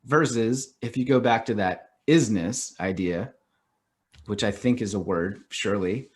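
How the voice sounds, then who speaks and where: A middle-aged man talking as a podcast guest in casual conversation, animated and loose, leaning on "like" and acting out little quoted reactions. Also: on the low side, unhurried. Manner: animated, acts out quoted reactions, heavy use of "like".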